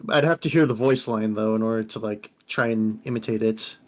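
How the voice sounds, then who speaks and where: A woman guest with a scraggly, rough voice, chatting in a laid-back way and chuckling often. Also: a bass voice, fairly quick. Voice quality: scraggly, rough voice that sounds sick. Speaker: guest streamer. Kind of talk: casual stream chat.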